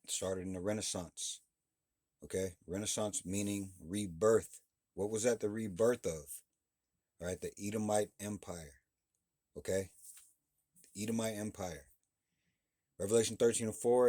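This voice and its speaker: A man with a fairly low voice teaches a Bible class, reading verses aloud and then explaining them. His delivery is loose and conversational, full of restarts, and he checks in with his listeners after nearly every point. The sound is close and dry, with no room around it. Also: fairly even intonation, a little slow, long pauses, dark tone, dry recording. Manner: keeps checking in with "all right?" and "okay?" between points.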